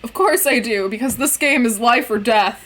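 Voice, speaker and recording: A woman's voice: fairly high pitch, moderate pace, fairly bright tone. A woman voicing an arrogant, cold rich teenage boy in a video game, cool and disdainful.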